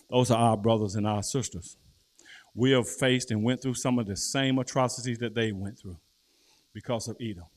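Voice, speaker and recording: A middle-aged man preaching a sermon in plain, colloquial speech, rising to loud declarations and dropping into low storytelling.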